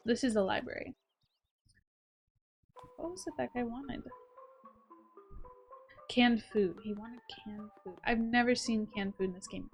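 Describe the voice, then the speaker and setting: A woman's voice: a little high, normal speed, vocal fry, long pauses, soft background music. A woman hosting a let's play, chatting playfully and reading game text aloud. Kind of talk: casual gameplay commentary.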